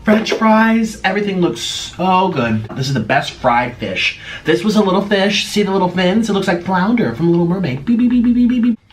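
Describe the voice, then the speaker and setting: A man's voice: high voice, lively intonation, moderate pace, few pauses, slight background noise. A man who talks casually to the camera as he eats, naming each dish, humming and moaning over the food. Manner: chatty, talks while eating, moans and hums over food. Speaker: mukbang video creator. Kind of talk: casual eating video talk.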